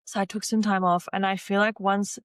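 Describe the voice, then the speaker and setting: A woman's voice: medium pitch, brisk, clear, resonant tone, no echo. A young woman, a former swimmer and podcast guest, talking casually about her past and quoting what she and others said. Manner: retells conversations by quoting herself and others; relaxed, frequent "like" and "you know" fillers. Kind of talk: casual interview storytelling.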